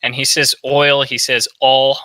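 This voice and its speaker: A man's voice: medium pitch, lively intonation, normal speed, sharp tone, no room sound, rough recording. A man hosting a podcast, giving opinionated political commentary and asking "right?" often. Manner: opinionated, peppers talk with "right?". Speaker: podcast host.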